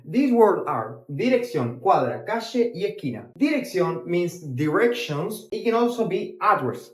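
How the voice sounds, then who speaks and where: Young Argentine man, Spanish tutor, higher voice, recorded in a roomy, echoey space. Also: big pitch swings. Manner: explains slowly, repeating words, switching between English and Spanish. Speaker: Spanish teacher. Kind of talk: casual language lesson.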